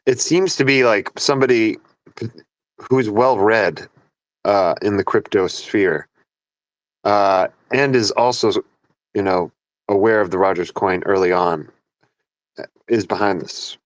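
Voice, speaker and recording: Man, lowish voice, dry sound, halting with lots of uhs. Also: no room sound, low-quality recording. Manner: hesitant, many fillers. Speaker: participant in an audio chat. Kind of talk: casual chat in an audio room.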